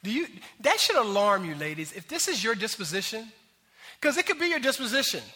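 A man preaching a sermon as pastor, animated and acting out voices as he talks. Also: high-pitched, a little fast, slightly rough, big-room sound.

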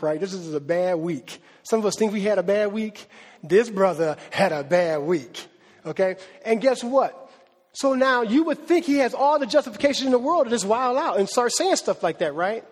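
A man's voice: sits high, long reverb tail. A man preaching a casual, conversational sermon, full of slang and acted-out voices for biblical characters. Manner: animated, acts out biblical characters in street slang.

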